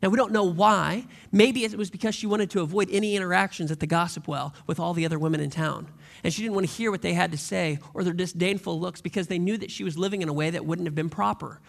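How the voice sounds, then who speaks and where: High, gravelly-voiced male pastor preaching. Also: fairly even intonation, quick pace. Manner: conversational storytelling with rhetorical questions. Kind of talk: sermon.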